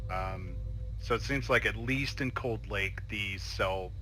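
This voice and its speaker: A laid-back man running a tabletop role-playing game and rambling through scene narration, full of ums and uhs. His voice is very bright and sharp, with faint music behind it. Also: lowish voice, slow pace. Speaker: game master.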